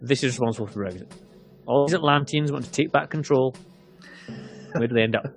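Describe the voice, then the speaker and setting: A man from England near the Scottish border co-hosts a podcast, talking a little fast at a medium pitch with soft music in the background. The chat is casual and jokey, peppered with sarcastic asides.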